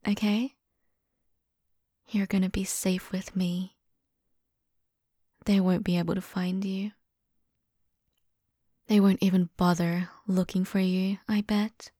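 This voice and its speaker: In a whispered role-play, a young woman plays an obsessive and devoted young lover. She speaks softly and intimately in a slow, mellow half-whisper. The recording is close and dry. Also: mid-range voice, level tone, no echo. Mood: tender.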